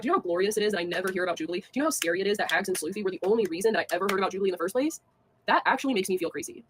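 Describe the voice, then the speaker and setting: A young woman on a casual livestream, talking fast with lots of fillers, scornful and laughing between jabs at people. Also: mid-range voice, animated, slight background noise.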